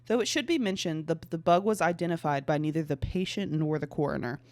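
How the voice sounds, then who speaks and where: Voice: mid-range voice, quick pace, darkish tone, no echo. Podcast host reading bug articles aloud. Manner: reads passages aloud with stumbles and restarts, filler "like" between.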